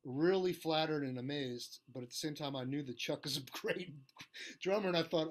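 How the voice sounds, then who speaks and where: Animated storytelling man, slightly high voice. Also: normal speed. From suburbs of New York City. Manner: animated storyteller, acts out quoted dialogue. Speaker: guest, Broadway drummer. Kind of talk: casual storytelling interview.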